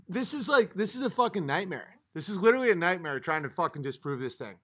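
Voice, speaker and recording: A livestream host with a high, sing-song, slightly bright voice talks quickly with few pauses. He reads chat and argues with it in an exasperated, profanity-laced rant, a little tipsy from a few drinks.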